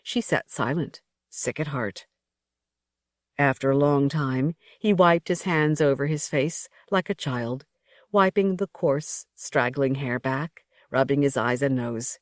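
A narrator reading a novel aloud in a measured storytelling manner. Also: mid-range voice, no echo, studio quality. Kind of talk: audiobook narration.

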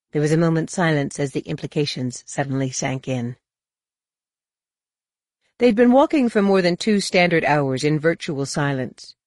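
Audiobook narrator, woman, low voice, steady even read, dry close sound. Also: normal speed, no echo. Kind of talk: scripted narration.

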